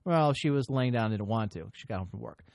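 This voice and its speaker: A man's voice: fairly low pitch, animated, quick pace, gravelly, darkish tone, no echo. A man hosting a podcast, telling a long story in a rambling, profane way and often interrupting himself. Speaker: podcast host. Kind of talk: casual storytelling chat.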